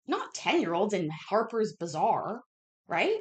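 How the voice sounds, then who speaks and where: A woman rants with exasperation, her voice swooping high and low as she swears and fires off rhetorical questions. Her pitch sits a little above the usual for a woman. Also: big pitch swings, a little slow. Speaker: channel host. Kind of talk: casual ranting commentary.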